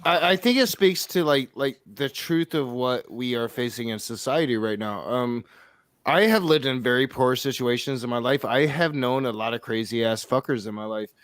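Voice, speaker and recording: A man from Michigan in a casual chat, talking in halting restarts and ranting earnestly. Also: mid-range voice, fairly bright tone, no echo. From Michigan, United States.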